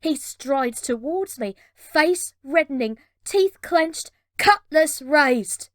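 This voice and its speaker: A woman reading a children's adventure storybook aloud with measured, dramatic narration. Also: high voice, lively intonation, a bit bright, no echo, studio quality.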